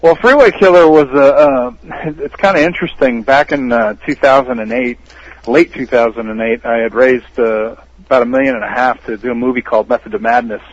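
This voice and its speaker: Animated American actor on a dull line. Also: male voice, mid-range voice, dry recording. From United States. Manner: animated storyteller who laughs often. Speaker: actor, podcast guest. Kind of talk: casual interview storytelling.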